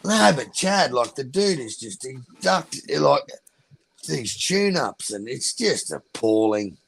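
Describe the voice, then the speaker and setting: A man's voice: mid-range voice, sing-song, slow, creaky, a little hiss or hum. A man hosting a podcast, bantering crudely with his guests. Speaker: host. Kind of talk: casual podcast chat.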